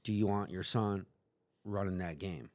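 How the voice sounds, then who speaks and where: A man's voice: low-pitched, normal speed, a little mellow, dry recording. A man guest on a podcast, telling a story in casual chat, swearing freely and acting out what other people said. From United States. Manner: profane, acts out other people's lines in quotes.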